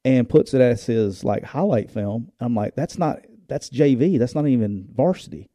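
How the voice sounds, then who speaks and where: At a normal speed and in a mid-range voice, a middle-aged former football coach shares stories as co-host of an easygoing show. He acts out quoted voices and laughs animatedly, and the studio-quality audio has no room sound.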